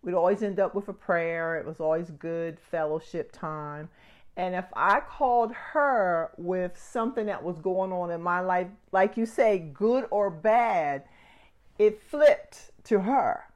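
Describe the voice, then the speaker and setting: Woman chatting casually, animated storyteller, does little voices when she quotes people. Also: lowish voice, a little slow. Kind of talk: casual chat.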